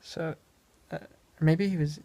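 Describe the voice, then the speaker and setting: A young man from Wisconsin tells a travel story in a casual, rambling way. His voice stays flat, with a gravelly, creaky edge, recorded close and dry. He often breaks off mid-sentence to correct himself. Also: on the high side, takes it slowly, no room sound. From Wisconsin, USA. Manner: meandering, self-correcting anecdote telling. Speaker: vlogger.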